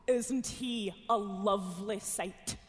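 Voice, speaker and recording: A woman's voice: mid-range voice, takes it slowly, background noise, voice pushed down, close to an everyday voice. Tweedledum, a blunt scornful twin, as a woman puts him on. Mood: drawling. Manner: dry, contemptuous, blunt. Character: blunt, contemptuous little twin brother, Tweedledum. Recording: long hall reverb, music behind.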